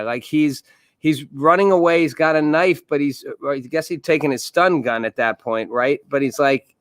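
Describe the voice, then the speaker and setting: A man's voice: on the high side, normal speed, no echo, studio quality. A man hosting a live video talk show, asking questions casually and restarting his sentences. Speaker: host.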